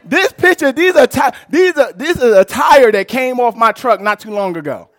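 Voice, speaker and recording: A male pastor preaching a sermon in a church, telling a personal story with lively, rising delivery and shouts. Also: extremely high pitch, moderate pace, some chatter behind. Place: church sanctuary.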